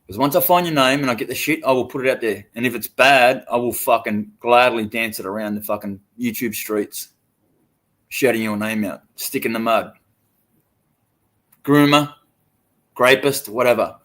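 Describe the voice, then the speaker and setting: A man's voice: medium pitch, normal speed, a bit bright. A young Australian man livestreaming, talking to his chat in a profane, taunting and swaggering way. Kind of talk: live stream rant to chat.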